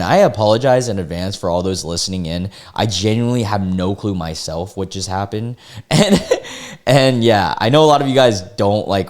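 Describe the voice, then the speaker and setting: Low-voiced young man, incredulous reactions. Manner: incredulous, sarcastic asides with frequent laughs; reads quoted messages in a flat deadpan. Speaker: YouTuber reading Reddit posts. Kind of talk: comedic reading and reaction commentary.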